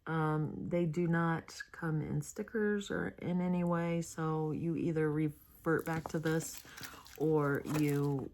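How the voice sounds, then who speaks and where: A woman's voice: sits low, fairly even intonation, slow, darkish tone. A woman hosting a crafting video, rambling chattily about a kit with many hesitations while yawning and sleepy. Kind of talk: casual product review chat.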